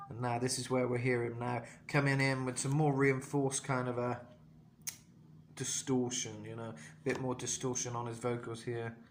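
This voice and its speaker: A man's voice: mid-range voice, level tone, moderate pace, noisy background. A young man giving a casual vocal lesson, talking loosely with self-mocking asides between demonstrations. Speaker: vocal coach.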